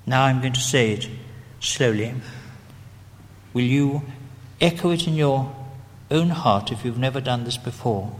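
A man preaching an evangelistic sermon, gently and deliberately leading the listeners through prayers. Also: mid-range voice. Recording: long hall reverb.

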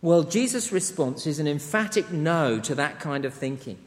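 Preaching to an international congregation in church, a man with a high, light voice delivers his sermon earnestly and measuredly, yet expressively, leaning hard on short emphatic words. A long reverb makes his voice ring out as if filling a large church.

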